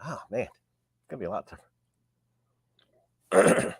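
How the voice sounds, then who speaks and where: A man, hosting a live stream while sick, his voice raspy, greeting viewers by name in folksy casual chat. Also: lowish voice, expressive, unhurried, no echo, clean studio sound. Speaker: show host.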